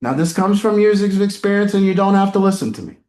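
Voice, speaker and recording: Emphatic high-voiced man coaching a group. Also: fast, a little mellow. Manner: blunt, emphatic storytelling with casual swearing. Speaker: addiction recovery group coach. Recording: roomy echo.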